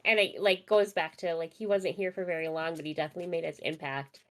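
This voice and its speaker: A woman's voice: fairly low pitch, fairly even intonation, fast talker. Fired-up woman from Minnesota, casual sports podcast co-host, swears freely.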